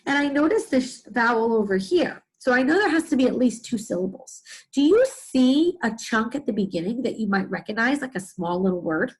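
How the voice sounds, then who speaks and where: A woman teacher giving a reading lesson to young children, sounding out words slowly in chunks and asking the listener questions. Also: fairly high pitch, slightly rough, rough recording. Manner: slow, sing-song, exaggerated sounding out of words; asks the listener questions and answers them.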